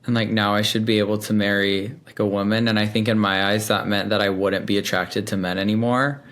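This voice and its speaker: Young guy on a podcast, lowish voice, rambling and chatty w lots of likes. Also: little pitch movement, a little fast, fairly bright tone. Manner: chatty, many fillers, laughs often. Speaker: podcast guest. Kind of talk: casual storytelling.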